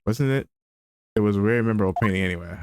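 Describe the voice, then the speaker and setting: A man's voice: fairly low pitch, rapid-fire, background noise. A man streaming a game with rambling, joking commentary. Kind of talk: gameplay commentary. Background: game music.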